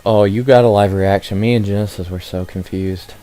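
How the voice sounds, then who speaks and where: A man's voice: on the low side, steady tone, brisk, warm tone. Self-mocking man, laughing a lot. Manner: laughs often, self-deprecating. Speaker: guest on a stream. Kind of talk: casual chat. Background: stream music.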